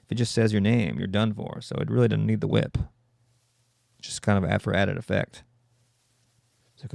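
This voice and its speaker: Gravelly low-voiced man riffing for laughs. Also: normal speed, long pauses, dark tone, dry recording, studio quality. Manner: riffing, self-interrupting, profane. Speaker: podcast host. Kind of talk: rambling comedic monologue.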